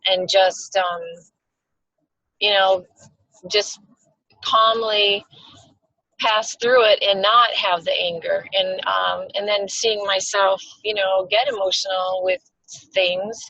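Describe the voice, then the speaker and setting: A woman's voice: mid-range voice, steady tone, slow, sharp tone, dry recording, dull audio. A woman student speaking in a class, hesitant and reflective. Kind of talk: class question.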